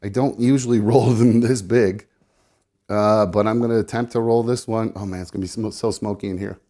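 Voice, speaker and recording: Man, low-pitched, casual live-stream rambler, profane, self-narrating, slightly breathless. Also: steady tone, a little fast, warm tone. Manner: rambling, swearing, self-narrating while rolling. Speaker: live show guest rolling a blunt.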